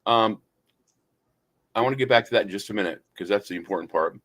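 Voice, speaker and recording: A man's voice: fairly low pitch, quick pace, a bit bright. A man hosting a talk radio show, telling stories in a rambling, hesitant way. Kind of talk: casual talk radio chat.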